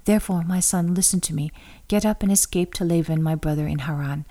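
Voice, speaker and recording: Woman reader doing an urgent scheming mother, warm low voice. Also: a little fast, close to an everyday voice.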